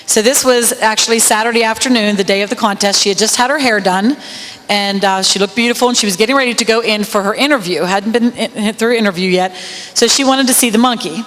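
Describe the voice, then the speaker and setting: A woman's voice: medium pitch, fast, a bit bright, in a large hall, rough recording. A woman emceeing a county fair queen contest, telling a rambling, laughing story. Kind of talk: storytelling at a podium. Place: outdoor fair stage with PA system.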